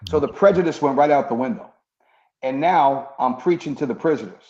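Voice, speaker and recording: A man's voice: medium pitch, lively intonation, a little fast, a little mellow. A man, a former police officer turned preacher, earnestly telling his conversion story in an interview and acting out the dialogue he recalls. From New York. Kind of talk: personal testimony in an interview. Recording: muffled echoey room.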